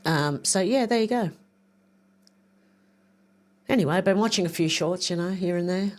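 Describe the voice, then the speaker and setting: A woman's voice: lowish voice, moderate pace, a little mellow. Chatty older woman livestreaming. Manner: rambling, chatty, thinks aloud while clicking around. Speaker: livestream host. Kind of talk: casual livestream chat reading viewer comments.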